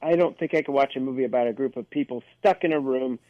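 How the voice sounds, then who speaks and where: A man on a panel reading a movie synopsis, then giving a brisk, wry opinion. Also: medium pitch, no echo, highs cut off.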